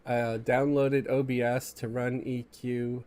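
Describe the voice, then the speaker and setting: A man's voice: mid-range voice, little pitch movement, slow pace, a little mellow. A man with a stuffy, congested morning voice, casually chatting with viewers while streaming a game and reading chat aloud. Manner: laid-back, chuckling, reads chat aloud.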